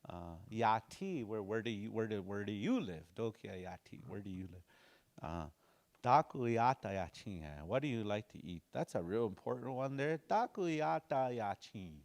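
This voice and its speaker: A man's voice: on the low side, expressive. Easygoing male language teacher. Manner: repeats phrases slowly, drilling pronunciation; casual, folksy explanations. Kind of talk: language class.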